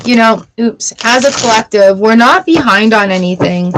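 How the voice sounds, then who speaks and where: Woman, tarot reader, casual live-stream chat, blunt, swears freely, slightly high voice. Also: moderate pace, fairly bright tone, a little hiss or hum.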